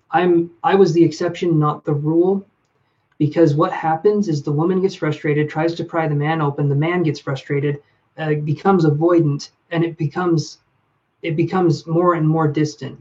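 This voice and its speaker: Higher-voiced man giving live advice. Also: darkish tone, dull audio. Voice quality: reflective, speaks straight to viewers by name. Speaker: livestream reader and relationship advisor. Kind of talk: live-stream advice chat.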